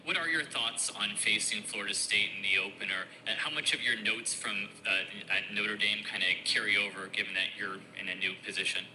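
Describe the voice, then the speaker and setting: A man's voice: on the low side, fairly even intonation, fairly quick, few pauses, sharp tone, low-quality recording. A man, a newspaper reporter, asking a direct question at a press conference.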